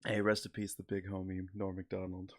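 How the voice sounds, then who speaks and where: A man's voice: sits low, completely flat delivery, a little fast. Rambling, casual male stream host. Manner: loose, rambling, lots of fillers. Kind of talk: casual profane chat.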